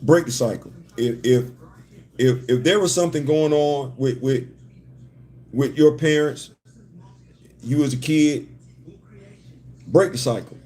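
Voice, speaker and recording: A man's voice: fairly high pitch, takes it slowly, long pauses, a little mellow. A man hosting a casual livestream chat from a hotel room, joking and repeating his phrases. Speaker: host.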